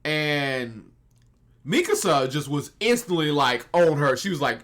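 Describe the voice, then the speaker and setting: Bright-voiced man recapping anime casually. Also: fairly high pitch, measured pace. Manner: rambling, animated, laughs often. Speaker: anime reviewer.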